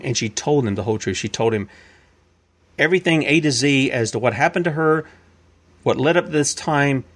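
A man's voice: medium pitch, a bit bright. A man giving an informal Bible-teaching sermon. He talks conversationally, repeats himself and asks and answers his own questions. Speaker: preacher.

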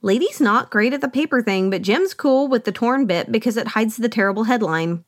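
A woman's voice: fairly high pitch, expressive, brisk, no room sound, studio quality. A woman hosting a podcast, giving a chatty, wry solo recap of a film with playful asides. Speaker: podcast host. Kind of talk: solo movie recap commentary.

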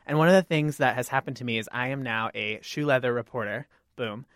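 A man's voice: medium pitch, a little fast, fairly bright tone, no room sound. A man co-hosting a podcast in casual chat, making dry, wry quips. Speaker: podcast co-host.

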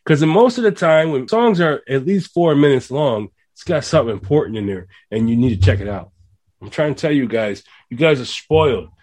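A man hosting a casual radio interview, talking in animated, preachy rants that build emphasis. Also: medium pitch, a little fast. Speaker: radio show host.

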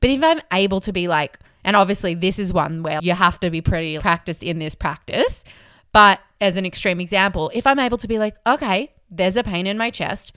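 Animated woman chatting, smooth dry voice. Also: fairly low pitch, brisk, no room sound. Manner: animated, acts out her own inner voice. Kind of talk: casual chat about mindfulness.

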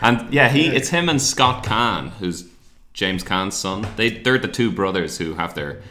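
A man's voice: fairly low pitch, expressive, unhurried, sharp tone, slight background noise. A man hosting a podcast, chatting casually and laughing often. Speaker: podcast host. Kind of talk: casual chat.

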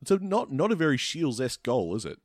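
A man's voice: medium pitch, big pitch swings, dry recording, studio quality. A man, co-hosting a casual football podcast, chatty and easygoing. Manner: easygoing, chatty, quick to laugh along. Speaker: podcast co-host. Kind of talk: casual sports chat.

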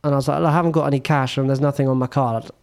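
A man's voice: medium pitch, rapid-fire, gravelly. A young man in his twenties, hosting a podcast and telling an anecdote with acted-out quotes and frequent laughter. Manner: animated anecdote teller, acts out quotes, laughs often. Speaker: podcast host. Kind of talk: casual chat, storytelling.

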